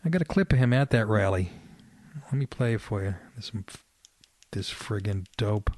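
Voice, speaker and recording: A middle-aged male comedian hosting his podcast, ranting in a profane, sarcastic and excitable comic monologue. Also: lowish voice, moderate pace, slight background noise.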